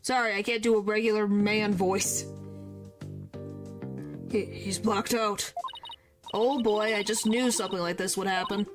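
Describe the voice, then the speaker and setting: A woman's voice: medium pitch, steady tone, measured pace, pauses often. A woman streamer chatting casually and rambling over her gameplay. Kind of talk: gameplay commentary. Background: game music.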